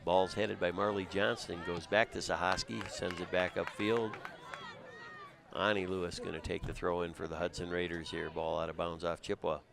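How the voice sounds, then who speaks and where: A man doing steady, conversational play-by-play for a high school soccer game outdoors. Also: moderate pace, gravelly. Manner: steady, conversational, with frequent uh fillers. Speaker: play-by-play commentator. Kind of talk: live sports commentary. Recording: crowd noise in the background. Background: crowd noise.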